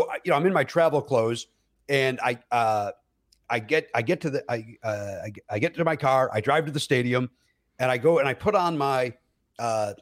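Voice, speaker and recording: A man, a comedian, telling stories in a casual podcast chat, with loud acted-out quotes, many fillers and restarts, and frequent laughter. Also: mid-range voice. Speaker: comedian guest.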